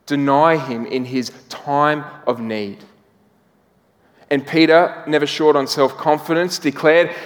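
A man preaching a sermon as pastor, telling a story and slowing down, dropping soft for emphasis. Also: a little high, long reverb tail. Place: church hall.

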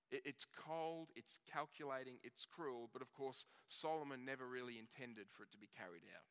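A man preaching a sermon, telling the story in a conversational way and slowing down on key words. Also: medium pitch, sharp tone, clear, resonant tone. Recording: long reverb of a hall.

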